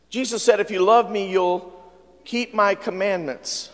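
A man preaching in a church, his voice pitched high and lively. He drops to near-whispers and then climbs into loud, impassioned calls. The sound rings with a long reverb through the sanctuary. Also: measured pace. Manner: animated preaching, swings from hushed to loud. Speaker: pastor. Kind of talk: sermon.

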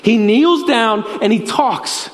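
A male pastor delivers a sermon in a strikingly high voice, telling a story and weaving in scripture with earnest conviction. His words carry a long hall reverb, as if spoken in a large church sanctuary. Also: takes it slowly.

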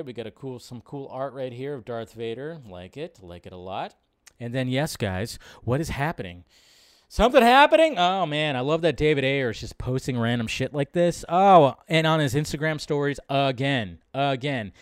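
A man hosting a casual livestream, reacting to posts in an excitable, profane, rambling way with many restarts. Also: medium pitch, clean tone, no room sound, studio quality. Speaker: livestream host.

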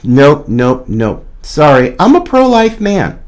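Combative man with a lively, swinging pitch. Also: slow pace. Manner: combative, mocking, blunt. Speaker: podcast host. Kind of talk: opinion commentary monologue.

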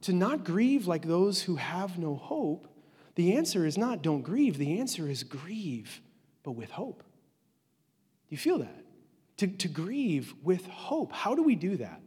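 A man in his forties preaching a conversational sermon as a pastor, earnest and informal, dropping to a hush at tender moments. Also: sits high, sing-song, slow pace, husky. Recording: long hall reverb.

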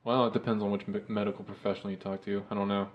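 A man's voice: on the low side, level tone, very fast, dull audio. A man telling crude stories in a casual podcast chat, rambling and laughing as he goes.

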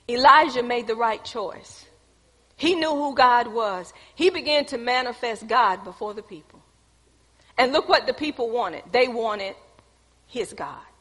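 A woman preaching a sermon, animated and calling out to the congregation while reading scripture. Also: fairly high pitch. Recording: echoey hall reverb.

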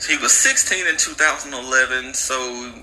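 A man casually retelling a true crime story with jokes and slang, animated and chatty. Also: medium pitch, normal speed, slight background noise, low-quality recording.

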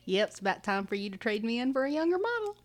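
High, lively woman co-host. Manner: teasing, quick to laugh. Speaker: podcast co-host. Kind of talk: casual chat.

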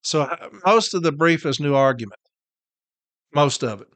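A tired, irritated man with a drawl rants on his podcast, blunt and profane, pounding each point again and again. His voice sits fairly high for a man. The recording is close and dry, with no room sound. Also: expressive, normal speed, a bit bright, dry recording. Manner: blunt, heated, profane, repeats points for emphasis. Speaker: podcast host and union representative. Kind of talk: casual profane rant.

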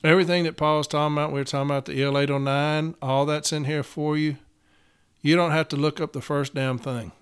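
A man talks straight into his own podcast, blunt, profane and quick to get fired up. His voice sits a little high for a man and comes through smooth and clear. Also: little pitch movement. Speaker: union steward podcaster. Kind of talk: casual podcast monologue.

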